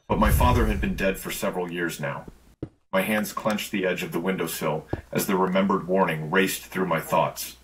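Male narrator for a scripted horror read, low register, measured and tense. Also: background noise.

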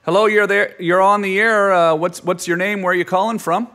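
A man's voice: high-pitched, fairly even intonation, a little fast, sharp tone, slight background noise. A man in his forties hosting a call-in show, chatting casually and teasing the caller. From Canada. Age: 40s. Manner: playful, teasing, goofy. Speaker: host taking calls. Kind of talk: casual call-in chat, joking.

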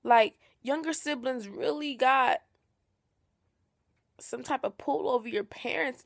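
A young woman talks straight into her camera in a loose, slangy vlog style. Her voice sits a little high, and she teases herself as she chats along. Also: takes it slowly, vocal fry. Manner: playful, chatty, slangy and self-teasing. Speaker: vlogger. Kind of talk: casual vlog chat to camera.

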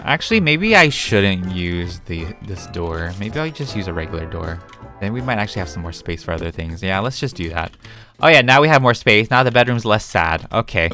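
Excitable young man narrating a build. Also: on the low side. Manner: chatty and excitable, with gasps and squeals. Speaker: game building video creator. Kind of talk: casual gameplay commentary.

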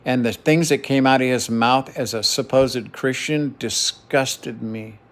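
A man's voice: medium pitch, normal speed. A middle-aged man venting in an emotional personal monologue to his camera, heated and profane, repeating phrases for emphasis. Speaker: vlogger.

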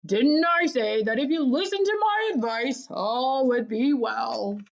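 A woman's voice: on the high side, animated, takes it slowly. A woman voicing a pompous, fussy old male mouse in a storybook, speechifying and stammering, on a dull lo-fi recording.

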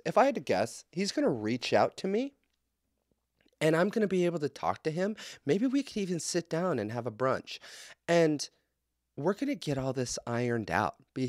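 A man hosting a podcast, ranting bluntly and profanely with heated swings into loud outbursts. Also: mid-range voice, dry recording, clean studio sound. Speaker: podcast host. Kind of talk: casual podcast rant.

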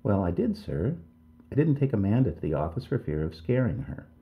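A man speaking briskly in a fairly low, sing-song voice takes on the role of a worried middle-aged mother from a village, tearfully and deferentially pleading and repeatedly saying sir. The recording has a tinny, telephone quality.

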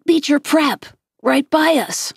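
A woman doing a high, pleading young boy. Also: takes it slowly, creaky, no room sound, studio quality, heavily acted. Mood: reluctant. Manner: plaintive, pleading questions. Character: anxious young boy, about ten.

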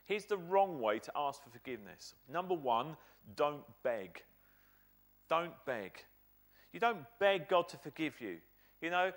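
Man, British accent, pastor preaching, fairly high voice, very animated pitch, emphatic repetition. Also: normal speed. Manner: emphatic preaching, repeating key phrases. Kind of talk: sermon.

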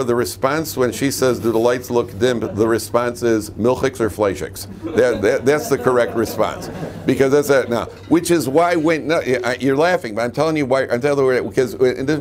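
In a humorous classroom lecture, a middle-aged rabbi teaches students in a relaxed, joking manner and frequently pauses to ask the class questions. His voice is of ordinary male pitch, with a faint hiss running beneath the recording.

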